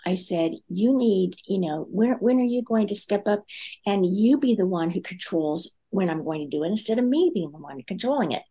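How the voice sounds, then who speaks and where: A middle-aged woman, a guest speaker on parenting, tells a family story in a relaxed conversation, acting out the dialogue with many fillers. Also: mid-range voice, normal speed, slightly rough.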